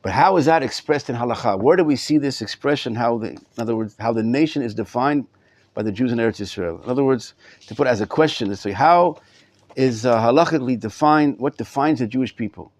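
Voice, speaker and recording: A middle-aged rabbi teaches a live class in a study hall. His voice sits at an average pitch for a man. He addresses the students in front of him and repeats words while gathering his thoughts. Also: fast. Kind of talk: live Torah class lecture.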